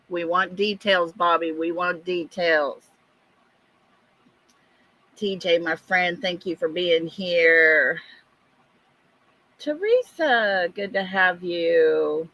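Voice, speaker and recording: Woman, livestream host, winded, slow and bright, dry close mic. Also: fairly low pitch, no echo, highs cut off. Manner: chatty, greets viewers by name. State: out of breath. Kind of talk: casual livestream chat.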